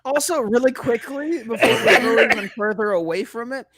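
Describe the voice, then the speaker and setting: A man co-hosting a casual podcast, excitable and profane, often jumping in with quick remarks. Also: very high-pitched. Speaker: podcast co-host.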